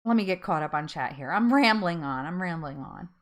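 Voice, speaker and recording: A woman's voice: fairly low pitch, lively intonation, a little fast. A woman hosting a casual live-stream chat with viewers, chatty and rambling, often laughing at herself.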